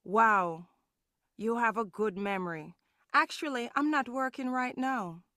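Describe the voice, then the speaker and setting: A woman's voice: fairly high pitch, measured pace, sharp tone, no room sound, clean studio sound. A woman with a Caribbean English accent voicing a friendly woman in a scripted textbook dialogue. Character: friendly woman meeting an old acquaintance.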